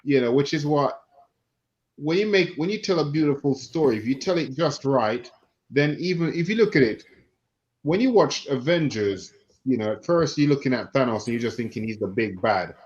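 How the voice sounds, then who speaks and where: Laid-back guy chatting about films, slow drawn-out way of talking, kinda muffled audio. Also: mid-range voice, lively intonation. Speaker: podcast co-host. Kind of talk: casual chat.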